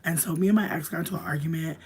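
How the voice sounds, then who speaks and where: A young woman telling a long personal story to a livestream in casual, profane slang, padding her talk with "like" and swinging between hushed asides and loud bursts. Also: sits low, racing, husky. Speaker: streamer.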